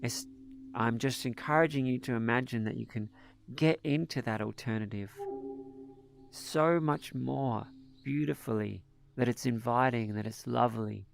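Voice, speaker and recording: Gravelly, gentle-voiced male meditation teacher. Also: medium pitch, moderate pace, slight background noise. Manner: gentle, encouraging, coaching. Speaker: meditation teacher leading a group. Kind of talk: live group mindfulness coaching.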